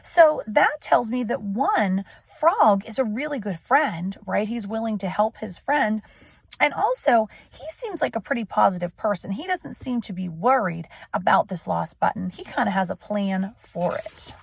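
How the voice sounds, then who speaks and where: A woman's voice: mid-range voice, expressive, a little slow, vocal fry, husky, no room sound. A woman teacher reading a storybook aloud to children and explaining it, often asking questions and checking with "right?".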